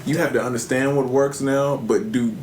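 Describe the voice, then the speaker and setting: A man's voice: medium pitch, fairly even intonation, moderate pace, darkish tone. A man co-hosting a podcast, talking casually and jokingly in slang, sometimes reading out listener questions. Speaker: podcast co-host. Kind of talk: casual chat. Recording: roomy with faint background noise.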